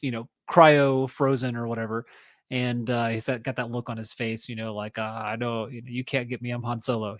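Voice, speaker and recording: A man's voice: mid-range voice, no room sound. A man in his thirties hosting a solo podcast, reading an article aloud with chatty, self-correcting asides. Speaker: podcast host.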